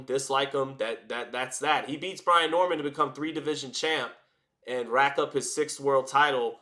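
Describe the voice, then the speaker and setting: A man hosting a live stream, giving casual, rambling commentary in an animated way, with frequent restarts and fillers. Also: mid-range voice. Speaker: boxing commentator and livestream host.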